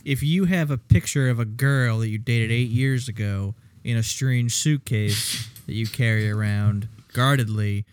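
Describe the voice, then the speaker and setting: A man's voice: mid-range voice, measured pace. A man co-hosting a casual podcast, joking around and laughing often between remarks. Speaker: podcast co-host, engineer. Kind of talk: casual chat.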